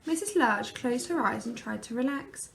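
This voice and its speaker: A woman reading a children's picture book aloud, gently and expressively. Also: fairly high pitch, animated, moderate pace, vocal fry. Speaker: storyteller.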